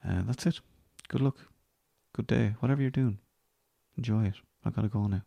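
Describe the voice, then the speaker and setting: A man's voice: fairly low pitch, moderate pace, vocal fry, mellow, no room sound. An Irish man hosting a podcast, signing off in a rambling, self-deprecating way that trails off into near-whispers. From Ireland. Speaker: podcast host. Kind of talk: casual solo podcast sign-off.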